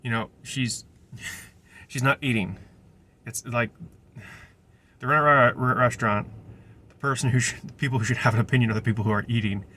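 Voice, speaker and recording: A man's voice: mid-range voice, steady tone, moderate pace, pauses often, sharp tone. A young man, a restaurant server, casually telling a rambling story full of restarts and digressions.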